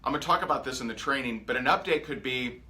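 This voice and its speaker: An energetic man leads a coaching session with a bright, forceful voice. He talks to his group with lots of drive and animation, slipping into quick acted-out examples of what to say. His pitch sits in an ordinary middle range. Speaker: sales coach. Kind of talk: motivational training talk.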